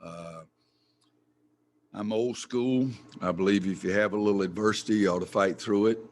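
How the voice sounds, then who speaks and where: A man's voice: fairly low pitch, normal speed, a little mellow, a little hiss or hum. An older man, a head basketball coach answering press conference questions in a folksy, blunt way that gets worked up.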